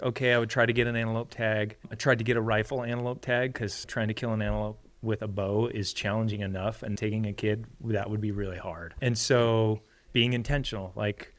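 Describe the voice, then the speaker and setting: Guy on a podcast, casual storyteller, acts out quotes, jumps way up in pitch. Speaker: podcast guest.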